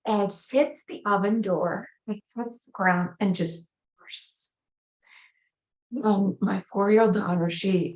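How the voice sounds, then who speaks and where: Earnest woman telling a personal story. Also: medium pitch. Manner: earnest, emotional retelling with acted-out quotes. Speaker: guest speaker. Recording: roomy, slightly dull audio.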